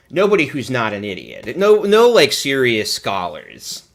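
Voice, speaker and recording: A man's voice: slow pace, gravelly. Sarcastic swearing male streamer. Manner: sarcastic, profane, mocking; swears freely, lively pitch swings. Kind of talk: live stream commentary.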